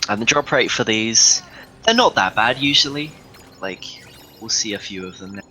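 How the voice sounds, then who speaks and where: Bright-toned joking male speedrun commentator. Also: lowish voice, lively intonation, moderate pace, poor audio. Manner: joking, rambling, reads chat aloud. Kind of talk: casual live commentary. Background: faint game music.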